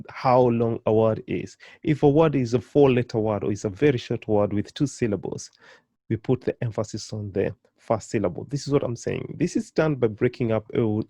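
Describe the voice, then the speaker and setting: A man teaching an online beginners' language lesson, encouraging and patient, repeating and drilling each word slowly. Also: mid-range voice, dark tone, no echo.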